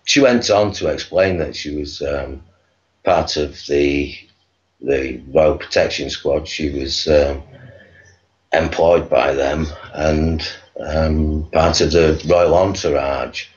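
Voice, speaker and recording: A man's voice: a bass voice, fairly even intonation, takes it slowly. A man telling a long rambling anecdote as an interview guest, chuckling and full of fillers. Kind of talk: anecdotal storytelling. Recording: dull lo-fi recording.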